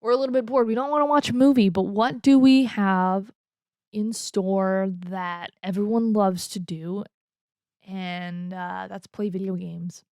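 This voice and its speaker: A woman's voice: mid-range voice, unhurried, a little mellow, smooth, no room sound. Giggly young woman telling a story. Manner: chatty and giggly, with lots of fillers. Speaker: vlogger. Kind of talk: casual storytelling. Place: home. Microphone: desk mic.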